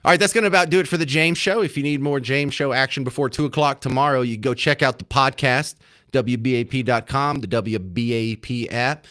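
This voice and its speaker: Casting: male radio host, mid-pitched, sarcastic and mocking studio monologue. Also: fairly quick, a bit bright.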